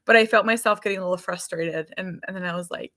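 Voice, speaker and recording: A woman's voice: fairly low pitch, quick pace, a bit bright. A woman hosting a podcast as a mother, chatting casually in a rambling way that is full of restarts. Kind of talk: casual chat.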